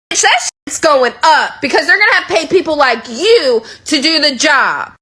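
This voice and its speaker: A woman's voice: high voice, bright, forceful tone. Fired-up profane woman ranting. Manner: heated, profane, sarcastic. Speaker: social media commentator. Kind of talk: ranting to camera.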